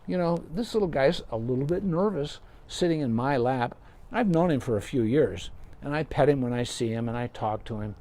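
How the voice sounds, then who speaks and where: A man's voice: medium pitch, lively intonation, moderate pace, dark tone. A middle-aged man, a veterinarian, patiently explaining dog care step by step in a live question-and-answer session, with folksy sayings.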